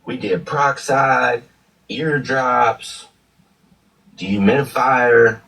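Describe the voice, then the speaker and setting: A man's voice: fairly low pitch, measured pace, pauses often, slightly rough, recorded from a distance, low-quality recording. A man with a congested, sick-sounding throat talks casually in a profane, repetitive, upbeat way. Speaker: streamer. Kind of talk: casual vlog chat.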